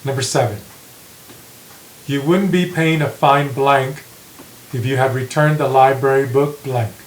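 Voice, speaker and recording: Slow, deliberate male grammar teacher. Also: mid-range voice. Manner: slow, deliberate, repeats example sentences. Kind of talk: slow classroom grammar lesson. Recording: echoey room with faint hiss.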